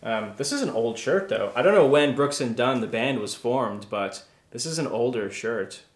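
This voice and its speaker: A man's voice: mid-range voice, animated, reverberant. A man from South Africa, co-hosting a reselling vlog in an upbeat, chatty way. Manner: upbeat, chatty, quick to laugh. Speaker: reseller vlogger, co-host. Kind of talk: casual chat.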